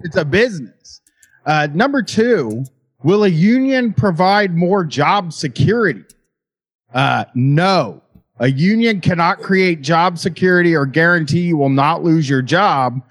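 A man's voice: a little high, animated, unhurried. Sarcastic man hosting a podcast. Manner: sarcastic, reads out documents and riffs on them. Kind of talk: casual comedic podcast chat.

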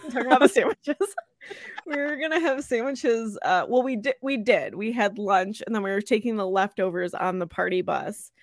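A woman's voice: on the high side, normal speed, dry recording, studio quality. Chatty young woman podcast host. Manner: chatty, laughs often, lively storytelling. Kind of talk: casual chat.

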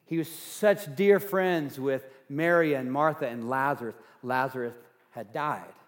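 A man preaching a sermon as pastor, earnest, going from loud emphasis to hushed softness. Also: mid-range voice, unhurried, in a large hall. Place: church sanctuary.

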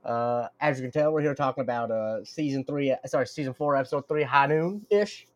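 A man's voice: mid-range voice, fast. A man co-hosting a podcast in casual chat, talking freely and laughing often. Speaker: podcast co-host.

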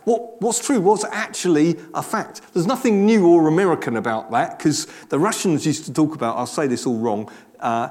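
A man's voice: a little high, animated, moderate pace, darkish tone. A man preaching a conversational sermon, chatty and self-deprecating with frequent restarts and asides.

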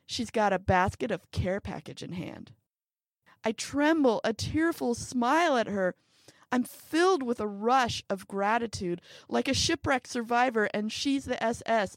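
A woman narrating a first-person story, wry and tense, dropping to hushed tones and rising for quoted lines. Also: a little high, dry recording, studio quality. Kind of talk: first-person story reading with acted dialogue.

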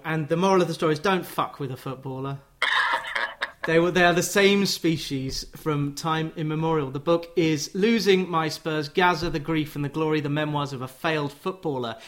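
A man's voice: a little high, moderate pace, fairly bright tone. A man hosting a radio interview, eagerly praising his guest and plugging the guest's book. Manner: enthusiastic, plugs the book. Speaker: radio show host.

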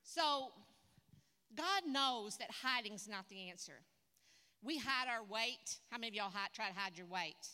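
An older woman preaching a sermon at a conference in a church hall, lively and humorous, talking straight to the audience. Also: a little high, normal speed. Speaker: conference speaker. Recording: echoey hall.

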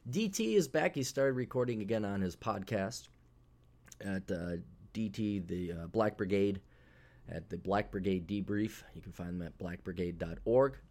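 A man's voice: low voice, normal speed, darkish tone. A man hosting a casual solo podcast, talking in a blunt, profane, sarcastic way, rambling with fillers. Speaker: podcast host.

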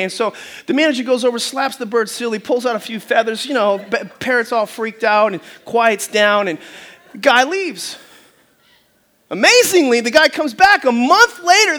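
High-voiced preaching pastor, animated. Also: male voice. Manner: animated storytelling with funny voices and audience call-and-response; loud preaching bursts. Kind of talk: sermon.

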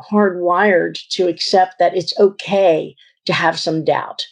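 Gravelly, husky woman podcast host. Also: lowish voice. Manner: thoughtful, halting phrasing. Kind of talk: podcast interview.

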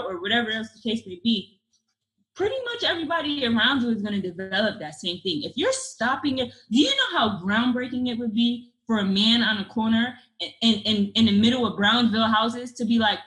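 A woman's voice: fairly high pitch, normal speed, a bit bright. A young adult woman talking earnestly in casual conversation, rambling with many restarts and fillers. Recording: echoey room.

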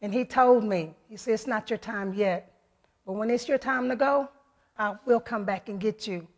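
A woman's voice: medium pitch, moderate pace. A woman giving an earnest, heartfelt personal testimony to her church, retelling events through many quoted voices. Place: church service.

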